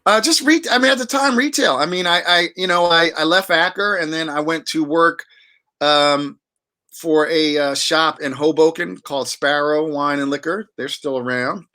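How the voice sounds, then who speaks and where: A man's voice: fairly high pitch, moderate pace, pushed and bright. A man telling stories in a casual interview, full of restarts and fillers. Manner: rambling, many restarts and fillers. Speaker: wine auctioneer and guest.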